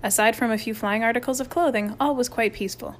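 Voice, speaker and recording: Expressive woman reading a storybook. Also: a little high, fast. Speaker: audiobook narrator. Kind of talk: storybook narration.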